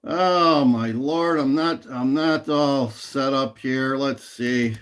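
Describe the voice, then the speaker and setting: A man's voice: medium pitch, takes it slowly, a bit bright, clean tone. A man hosting a casual livestream and chatting with viewers, rambling, laughing often and repeating a catchphrase. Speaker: livestream host. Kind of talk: casual chat with live viewers.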